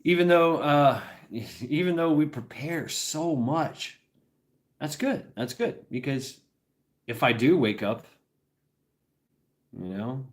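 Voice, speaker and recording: A man's voice: medium pitch, animated, slow pace, long pauses. A middle-aged man talking loosely to his livestream audience. His speech wanders from thought to thought, and it is peppered with laughter and profanity. The delivery is casual and unpolished. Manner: rambling, profane, laughs often.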